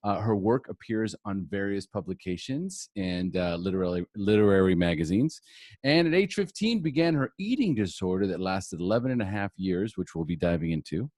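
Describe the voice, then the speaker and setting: A man's voice: deep voice, expressive, normal speed, darkish tone, no echo, studio quality. A man hosting a podcast who talks in a joking, meandering way, full of asides and restarts. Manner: jokey and meandering, with many fillers and restarts. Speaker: podcast host. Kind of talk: casual podcast interview.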